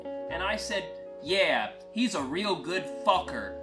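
A woman telling a crude, wry first-person comic story in a deadpan way. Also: on the low side, a little slow. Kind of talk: first-person comic monologue over music. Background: acoustic guitar music.

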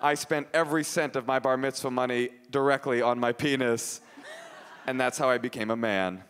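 A man from Oakland performing an animated, ironic stand-up set, then chatting as a guest on a radio show. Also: mid-range voice, in a large hall, a little hiss or hum. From Oakland, USA. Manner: animated, quick, ironic storytelling.

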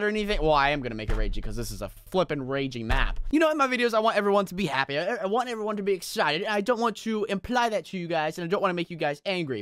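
Young gaming host, exaggerated rage commentary, very lively delivery, smooth dry sound. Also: male voice, high voice, no echo. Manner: exaggerated rage, yelps and shouts. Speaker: gaming YouTuber. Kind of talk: frustrated gameplay commentary.

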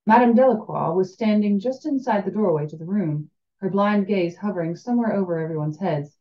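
A woman's voice: medium pitch, a little fast, muffled recording. A woman reading a fantasy novel aloud, chatting and laughing in the breaks between passages. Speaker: reader of a fan audiobook.

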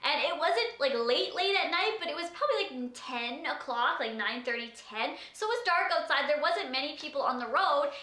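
A woman's voice: high voice, animated, moderate pace, few pauses, bright, forceful tone. A young woman from Saskatchewan, telling a story in a casual vlog, chatty and full of "like". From Saskatchewan, Canada. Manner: chatty, says "like" constantly. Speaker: vlogger. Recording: roomy echo.

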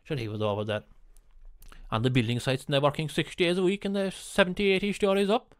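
An Irish man tells long, earthy stories with plenty of swearing. His voice sits a bit high and sounds close and dry, with no room around it. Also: steady tone, quick pace, clear, resonant tone, dry recording. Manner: earthy, swearing, rambling anecdotes. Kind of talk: casual storytelling chat.

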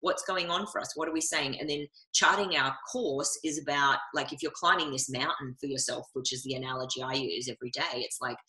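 A woman's voice: extremely low pitch, brisk, hardly any pauses, sharp tone, roomy sound, low-quality recording. A woman talking as a guest in a casual interview, upbeat and coaching in tone. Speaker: guest speaker.

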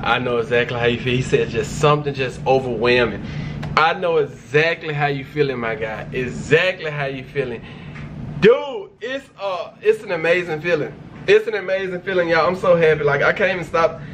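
A man's voice: on the high side, moderate pace, noisy background. A man hosting a reaction video, talking casually and effusively, repeating himself and calling out to his viewers with slang.

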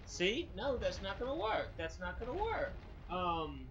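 A man commenting on his own gameplay in an excitable, stammering way, now and then erupting in frustration, his pitch leaping wildly. The audio is dull and lo-fi, with game music clearly behind him. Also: measured pace. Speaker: gaming channel host. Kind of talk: let's play commentary.

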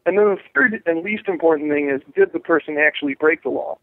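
A man's voice: on the high side, fast talker, no echo. A man being interviewed as a jury rights activist, talking animatedly, restarting phrases and acting out the voices of others. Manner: animated, acts out quoted voices, many restarts. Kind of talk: interview over phone. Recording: tinny phone line.

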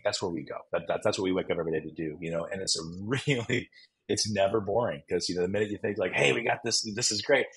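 A middle-aged man, a guest author, telling animated, self-deprecating stories with jokes about himself. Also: low voice, husky, low-quality recording. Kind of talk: animated storytelling.

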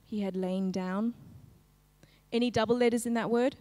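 A woman teaching a live-streamed phonics lesson, slowly segmenting each sound in a word and prompting the class to join in. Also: on the high side, steady tone, dark tone, in a large hall. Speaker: literacy teacher.

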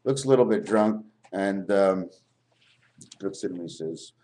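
A man's voice: low-pitched, unhurried, dark tone. A man vlogging a rambling spiritual monologue, jumping between topics and swearing.

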